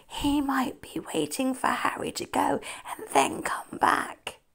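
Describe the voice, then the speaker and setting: A woman voicing a cautious young boy, hushed and urgent, in whispered role-play. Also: extremely high pitch, lively intonation, a little slow, gravelly, pitched above the performer's own voice, full character voice.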